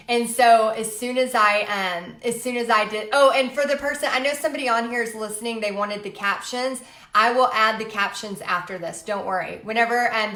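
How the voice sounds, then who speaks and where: Chatty woman telling her story in an echoey room. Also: a little high. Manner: chatty, animated, frequent fillers. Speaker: livestream host. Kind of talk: casual livestream storytelling.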